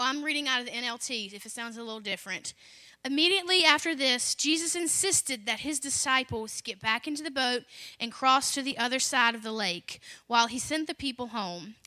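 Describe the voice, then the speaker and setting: A young woman, a children's pastor, praying and preaching in a lively way and reading scripture aloud with dramatic jumps in loudness. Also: high-pitched, fairly quick, no room sound. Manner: animated, acts out quotes with sudden loud rises. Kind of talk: prayer and sermon with scripture reading.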